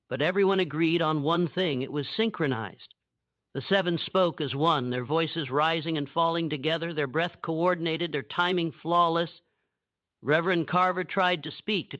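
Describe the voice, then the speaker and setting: A man narrating a scripted history story in a measured, solemn way. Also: a little high, fairly bright tone, dry recording, muffled recording.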